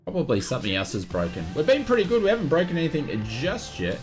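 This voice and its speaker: A man's voice: fairly high pitch, wildly swooping pitch, fast talker, soft background music. An Australian man streaming a flight sim live, upbeat and chummy, greeting viewers and repeating his welcomes.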